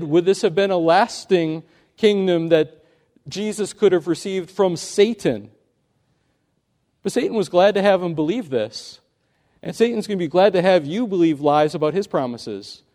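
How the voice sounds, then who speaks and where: Earnest man preaching with a mellow voice. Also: sits high, animated, normal speed. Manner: earnest, storytelling, rising emphasis. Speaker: pastor. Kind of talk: sermon.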